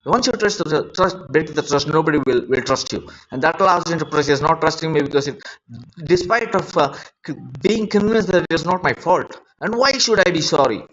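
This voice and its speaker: Man, fairly high voice, distressed rambling live-stream rant recorded on a dull lo-fi phone mic. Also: normal speed, a bit bright. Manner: rambling, repetitive, agitated and emotional. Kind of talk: unscripted live-stream monologue.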